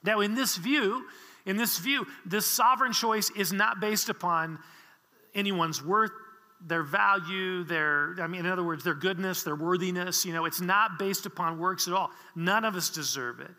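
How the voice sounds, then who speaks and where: A man's voice: high voice, normal speed, bright, forceful tone, long reverb tail. A man preaching a sermon, explaining with earnest teaching and frequent restarts. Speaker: pastor.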